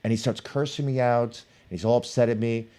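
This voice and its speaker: Middle-aged male guest, animated storyteller, average pitch, mimics the people he quotes. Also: fairly quick. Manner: animated, acts out quoted people in his stories. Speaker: author and professor, podcast guest. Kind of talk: storytelling in conversation.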